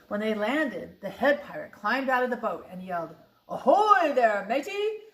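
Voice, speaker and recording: Lively older woman reading a storybook. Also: mid-range voice, moderate pace. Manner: lively, expressive read-aloud with small slips. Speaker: grandmother reading to grandchild. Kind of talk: reading a picture book aloud. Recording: roomy echo.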